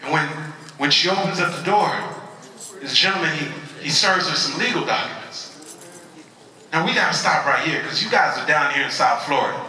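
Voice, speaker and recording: A man's voice: a little high, lively intonation, brisk, sharp tone. A man giving a motivational speech to a convention audience, telling a story with call-and-response and stammered restarts. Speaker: motivational speaker. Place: large convention hall with audience. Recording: echoey convention hall from far off.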